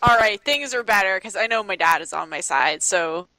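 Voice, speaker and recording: A woman's voice: medium pitch, lively intonation, moderate pace, sharp tone, dry recording. A woman playing a tabletop game, describing her character's actions in casual, giggly narration. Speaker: player.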